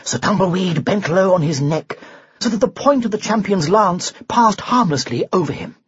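Brief: expressive storybook narrator, husky tone, lively pitch, dry muffled recording. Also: moderate pace, dry recording. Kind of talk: storybook reading aloud.

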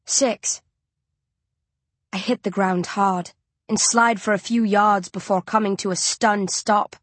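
A woman's voice: medium pitch, steady tone, takes it slowly, no room sound. Casting: female audiobook narrator, tense first-person storytelling, dry close studio sound, mid-range voice.

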